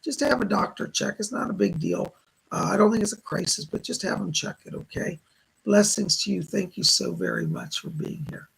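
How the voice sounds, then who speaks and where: Hoarse male medium on a live stream, gravelly and husky, relaying what spirits say. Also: high voice, normal speed, a bit bright, poor audio. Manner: relays spirit messages as quoted speech. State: hoarse, losing his voice. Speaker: psychic medium. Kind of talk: live-stream psychic readings.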